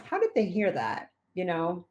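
A woman in casual podcast chat with a fairly low voice. She talks softly and thoughtfully, often agreeing with the other speaker. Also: huge pitch swings, normal speed, slight background noise.

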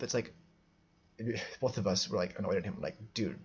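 A man's voice: low voice, moderate pace, breathy edge, muffled recording. A man telling a personal story as a podcast host, rambling with many restarts and fillers.

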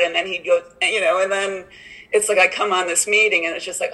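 A woman's voice: medium pitch, moderate pace, pushed and bright, rough recording. A woman sharing at an online recovery meeting in a rambling, casual way, full of "like" and "you know". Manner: rambling, many "like" and "you know" fillers, laughs often.

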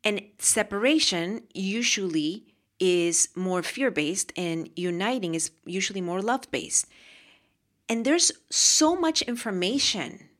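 A woman's voice: medium pitch, fairly bright tone. A woman hosting a motivational podcast, talking casually and emphatically and repeating phrases for emphasis. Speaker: podcast host.

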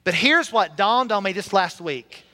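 A man's voice: high-pitched, expressive, unhurried, sharp tone. A man from Alabama preaching a sermon in a church, telling his own story earnestly and breaking into song at times. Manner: earnest storytelling with sung passages. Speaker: pastor. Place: church sanctuary. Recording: hall reverb.

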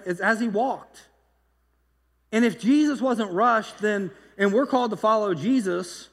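A pastor preaching a sermon in a loose, conversational way, telling stories with lively energy and frequent restarts. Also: male voice, high-pitched, long reverb tail. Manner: conversational, animated storytelling with repeated restarts.

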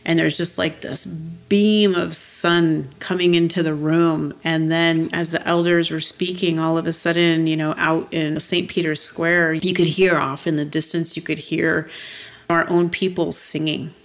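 Low gravelly-voiced woman recounting earnestly. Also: level tone, unhurried. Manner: earnest, frequent "you know" and "like" fillers. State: moved, near tears. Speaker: activist guest. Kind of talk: heartfelt storytelling in conversation.

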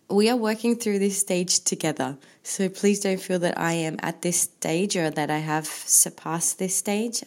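A middle-aged woman hosting a faith-based podcast, talking earnestly and reflectively with frequent ums. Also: deep voice. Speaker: podcast host.

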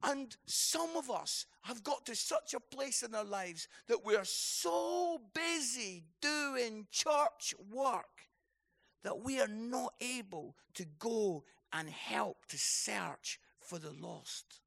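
A Scottish man preaches with passion and urgency. He speaks slowly, with a gravelly texture, and leans hard on repeated phrases. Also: extremely high pitch, animated, fairly bright tone. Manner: impassioned, emphatic, repeats key phrases. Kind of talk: sermon.

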